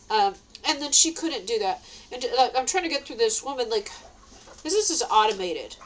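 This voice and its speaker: Woman, middle-aged, somewhat high voice, agitated, swearing, rambling rant. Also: animated, a little fast, poor audio. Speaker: vlogger. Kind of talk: ranting monologue to camera.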